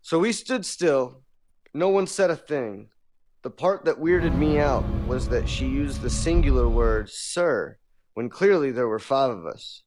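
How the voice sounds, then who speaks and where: A man's voice: medium pitch, animated, unhurried, darkish tone, soft background music. A man hosting a podcast, reading a listener's story aloud with casual asides. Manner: laughs easily, reads with asides. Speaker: podcast host.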